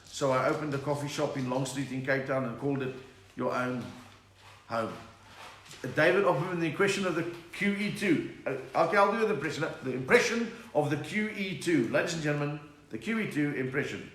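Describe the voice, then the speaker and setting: A man's voice: a little high, a little fast, a bit bright. A middle-aged man with a South African accent, a comedian telling jokes and chatting with viewers on a home livestream. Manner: chatty, bursts into laughing song bits. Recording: echoey room with faint hiss.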